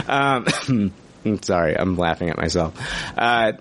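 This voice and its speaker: A man's voice: deep voice, expressive, a little slow, fairly bright tone. A man hosting a show, chatting casually about a movie, rambling with restarts, swearing freely and laughing at himself. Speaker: podcast host reviewing movies. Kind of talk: casual chat.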